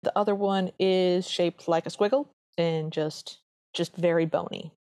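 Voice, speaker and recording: A woman's voice: lowish voice, steady tone, unhurried, a little mellow, no echo, studio quality. A woman co-hosting a podcast, chatting earnestly as she reviews an old cartoon. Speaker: podcast co-host. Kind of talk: casual chat reviewing a cartoon.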